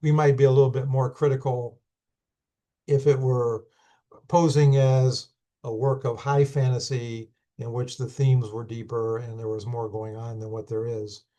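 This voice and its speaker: A hoarse man teaching a class, unhurried and thinking aloud with many fillers and restarts. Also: medium pitch, little pitch movement, mellow. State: hoarse, losing his voice. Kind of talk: recorded class lecture.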